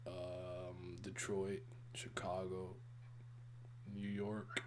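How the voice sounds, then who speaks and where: A man's voice: low voice, monotone, very slow, a little hiss or hum. A man co-hosting a podcast in casual chat, rambling and easygoing.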